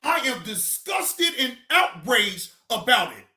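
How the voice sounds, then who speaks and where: Slow, bright-voiced man in an echoey room. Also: extremely high pitch, very animated. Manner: loud preachy ranting, then laughing and joking. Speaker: reaction streamer. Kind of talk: livestream rant and casual chat.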